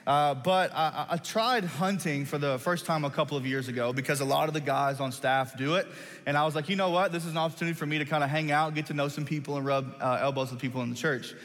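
A man's voice: a little high, fairly even intonation, fast talker, a bit bright. A man, preaching as a pastor and telling a self-deprecating, folksy story in a large church hall. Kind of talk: sermon with personal story.

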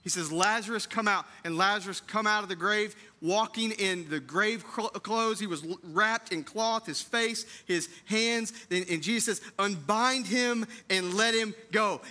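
Fervent high-voiced preacher. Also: male voice. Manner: swings from hushed tender lines to loud, fervent preaching; repeats phrases with emphasis, addresses the congregation as church. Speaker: pastor. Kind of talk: Easter sermon. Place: church sanctuary.

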